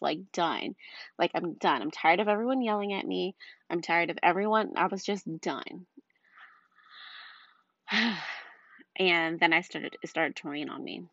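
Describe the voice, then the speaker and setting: Young woman, tired mom venting to camera, slightly low voice, dull dry recording. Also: vocal fry, a bit bright, no room sound. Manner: chatty, exasperated, frequent fillers like "like" and "um". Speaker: mother of two small children. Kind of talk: casual storytelling vlog.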